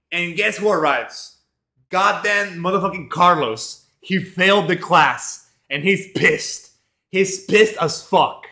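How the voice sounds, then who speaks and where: A male streamer telling a rambling, profane story in a casual, animated way, full of fillers. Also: high-pitched, roomy sound.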